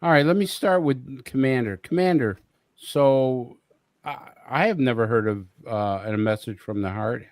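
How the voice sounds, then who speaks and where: A man's voice: mid-range voice, unhurried, no room sound. A man hosting a podcast, asking his guest curious, direct questions. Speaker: podcast host. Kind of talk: interview questions.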